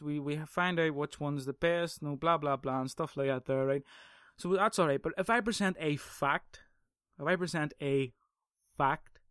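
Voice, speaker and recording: A podcast host delivers a casual monologue about arguing, ranting off the cuff with heated, emphatic profanity and constant tangents. His voice is fairly high and a bit bright, recorded in studio quality with no room sound.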